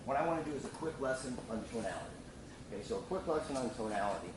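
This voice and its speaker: A man's voice: mid-range voice, animated, very fast. A middle-aged man giving a casual sales training lesson, repeating himself and restarting with many fillers. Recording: roomy, distant mic, noisy background.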